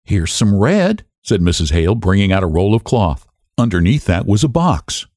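A man reads a short story aloud in a measured, expressive way. His voice is low and moves through a lively pitch range. The sound is dry and close, with no room echo. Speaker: narrator. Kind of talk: audiobook narration.

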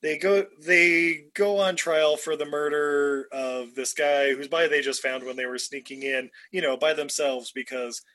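A man's voice: fairly high pitch, level tone, moderate pace, few pauses, sharp tone. A man co-hosting a casual movie podcast, joking, rambling and laughing often. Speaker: podcast co-host. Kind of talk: casual movie-review chat.

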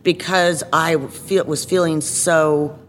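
A woman guest telling her own story in a casual interview, candid and halting, with many fillers and restarts. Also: deep voice, steady tone, big-room sound, a little hiss or hum.

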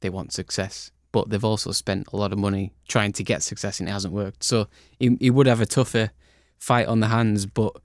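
A man's voice: fairly low pitch, little pitch movement, a little fast, hardly any pauses, dry recording, clean studio sound. A man chatting and joking through a football debate. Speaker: football podcast panelist. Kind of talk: casual football banter.

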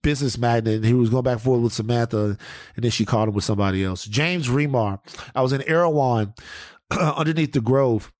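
Male podcast host, animated profane storyteller, dry sound. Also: mid-range voice, a little fast, dry recording. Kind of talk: casual chat.

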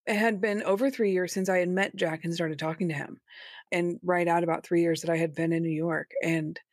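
A woman's voice: on the low side, fairly even intonation, fairly quick, dry recording, studio quality. A woman speaking as a guest on an interview podcast, recounting her experiences in a frank, conversational way. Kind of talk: interview storytelling.

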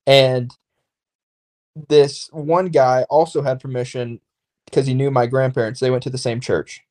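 A man of medium pitch chats casually on a podcast. He tells a long story in a rambling way and livens it up by acting out the exchanges he quotes. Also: fairly even intonation, measured pace, a little mellow.

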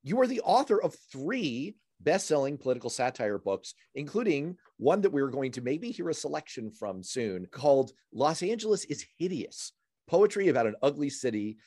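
Lively, joking male radio host. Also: on the high side, no room sound, clean studio sound. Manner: animated, jokey, quick asides. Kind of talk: casual interview chat.

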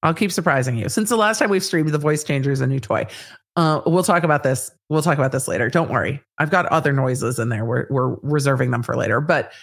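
A woman legal commentator giving analysis as an interview guest, measured and thinking aloud with fillers. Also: extremely low pitch, gravelly.

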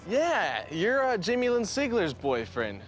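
A man's voice: sits high, huge pitch swings, unhurried, full character voice. An actor playing a brash young man in a TV series clip, with faint outdoor noise behind.

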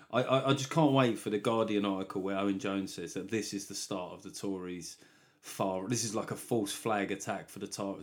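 Male comic host, loose rambling monologue, quick asides, chuckles at his own bits. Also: medium pitch. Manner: rambling, jokey asides, laughs at own jokes. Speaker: comedy podcast host. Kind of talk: solo comedy podcast monologue.

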